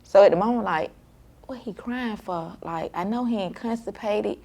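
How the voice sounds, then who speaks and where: A woman with a warm, mid-range voice talks at a moderate pace about caring for her son, who has sickle cell. Her storytelling is candid, emotional and informal, full of "like" and quoted self-talk.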